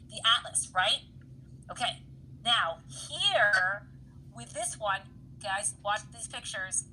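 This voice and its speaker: A woman's voice: a little high, pushed and bright, slight background noise, low-quality recording. A woman instructor giving a casual anatomy lab lecture over slides, chatty and often checking in with her students. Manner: chatty, keeps checking in with "right, guys?"; laughs easily at her own jokes.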